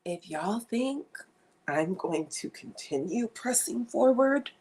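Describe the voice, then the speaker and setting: A woman's voice: a little high, lively intonation, takes it slowly, a little mellow, slightly rough. A young woman chatting frankly and animatedly to viewers on a livestream, often repeating herself for emphasis. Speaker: livestream host. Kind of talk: casual livestream chat. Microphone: streaming setup.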